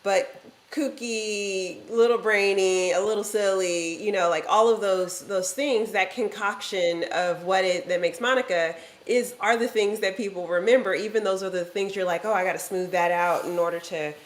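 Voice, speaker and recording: A woman's voice: mid-range voice, fairly even intonation, moderate pace. A woman hosting a casual business talk show, easygoing and laughing often. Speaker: host. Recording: roomy echo.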